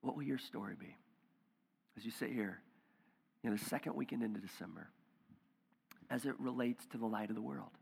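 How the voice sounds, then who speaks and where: A male pastor giving a conversational sermon, dropping to hushed near-whispers and rising to loud emphatic bursts. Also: medium pitch, brisk, vocal fry, long pauses, slightly rough, big-room sound. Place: church auditorium.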